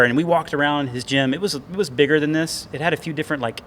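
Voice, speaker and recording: A man's voice: on the high side, fast talker, a bit bright, slight background noise. A man co-hosting a casual talk show, telling a rambling, self-deprecating story with lots of restarts, recorded indoors in a gym. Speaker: podcast co-host.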